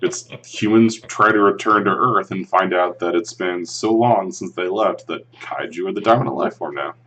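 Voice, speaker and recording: A man's voice: sits low, moderate pace, fairly bright tone. A man playing a tabletop game in casual chat, hesitant, with ums and uhs.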